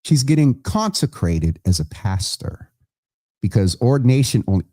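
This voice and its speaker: A man's voice: medium pitch, big pitch swings, moderate pace, warm tone, no echo, studio quality. A man hosting a live online show, making casual announcements to viewers in a chatty, rambling way, correcting himself as he goes.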